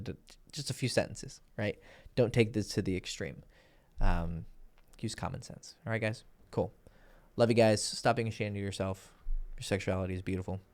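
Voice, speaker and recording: A man's voice: lowish voice, darkish tone. A man giving crude, blunt dating advice in a casual, lecturing monologue, full of profanity. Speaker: dating coach.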